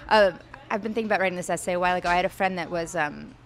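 In a conversational interview, a young woman author talks rapid-fire in a lowish voice. Her answers meander hesitantly, with many fillers and false starts.

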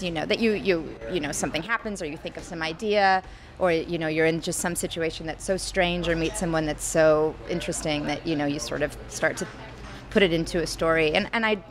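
A young adult woman author speaks in a conversational interview, rambling and hesitant, full of fillers and restarts. Her voice is lowish and brisk.

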